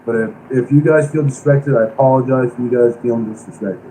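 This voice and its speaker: A man on a live-stream panel giving a halting apology to the others. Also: mid-range voice, dark tone, slight background noise, low-quality recording.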